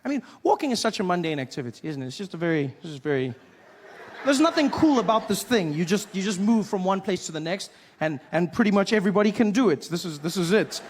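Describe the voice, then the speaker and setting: A South African man doing a stand-up comedy routine, telling stories with lively impressions. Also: high-pitched, fast, big-room sound, slight background noise. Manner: animated storytelling with impressions.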